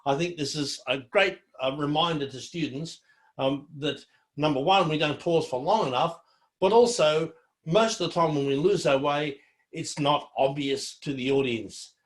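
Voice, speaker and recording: A man's voice: fairly high pitch, moderate pace, roomy sound. A man presenting a student seminar in a friendly, encouraging, conversational way.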